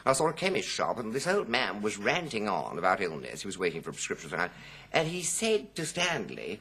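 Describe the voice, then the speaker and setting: A man's voice: lowish voice, wildly swooping pitch, fairly quick, a bit bright, slightly rough. A man in his fifties telling anecdotes as a TV interview guest, theatrical and full of put-on voices. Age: 50s. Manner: theatrical, swooping, acts out quoted voices. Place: television studio.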